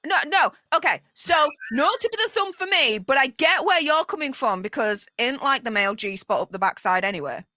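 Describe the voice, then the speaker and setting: A man's voice: very high voice, expressive, fairly quick, few pauses, pushed and bright, dry recording. A man, a podcast guest who jokes bluntly and crudely with mock outrage. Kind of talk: raunchy casual chat.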